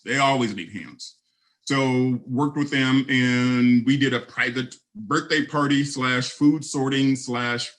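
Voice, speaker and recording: A man's voice: medium pitch, fairly bright tone, poor audio. A man in his fifties giving a conference keynote, telling stories and speaking straight to the audience.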